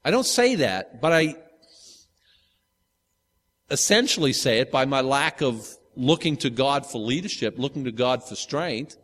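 A man in his fifties preaches in an easygoing, conversational way, circling back with restarts and quick asides. His voice sits at an ordinary middle pitch. It rings with the long reverb of a large hall. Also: sing-song, a bit bright. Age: 50s. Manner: casual, rambling, with frequent restarts and asides. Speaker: pastor. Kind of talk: conversational sermon.

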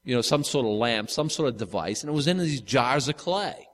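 Fifty-something preacher in a reverberant hall. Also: male voice, mid-range voice, expressive, a little fast, a bit bright. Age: 50s. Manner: casual, rambling, with frequent restarts and asides. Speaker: pastor. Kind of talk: conversational sermon.

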